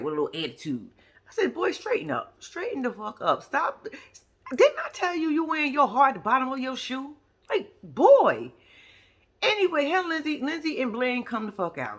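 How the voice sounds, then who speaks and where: A woman's voice: medium pitch, a bit bright. A woman giving a casual reality show recap, blunt, profane and heated as she rants about the people on screen.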